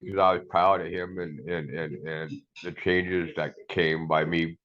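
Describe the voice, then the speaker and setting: A middle-aged man with a very low voice speaks in an earnest, rambling way, dropping "man" into almost every sentence as he shares a personal testimony. The sound is a bit dull and muffled. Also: level tone, unhurried. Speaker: community member sharing a testimony.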